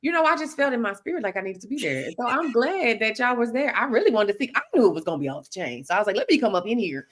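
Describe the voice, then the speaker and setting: A woman's voice: fairly high pitch, very fast, few pauses. A woman with an Oklahoma accent chatting playfully on a video call, full of exclamations. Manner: expressive, playful, Southern slang. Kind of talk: casual chat.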